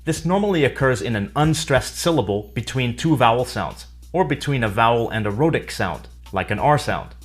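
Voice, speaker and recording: A man giving a scripted English lesson, explaining clearly with dry humor. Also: mid-range voice, animated, normal speed, hardly any pauses, faint music behind. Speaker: English teacher. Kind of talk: scripted educational narration.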